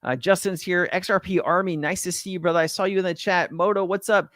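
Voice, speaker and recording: A man hosting a casual livestream, talking in a loose, rambling way full of "uh"s, restarts and the odd curse. His voice sits a bit higher than most men's. The sound is close and dry, with no room echo. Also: fast talker, fairly bright tone. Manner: rambling, filler-heavy, profane; reads out and greets chat viewers. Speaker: crypto livestream host.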